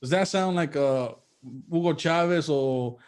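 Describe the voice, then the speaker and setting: A man's voice: on the high side, a little slow, smooth. A man co-hosting a political talk show, who builds his case with rhetorical questions and often repeats words as he starts a sentence. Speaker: podcast co-host.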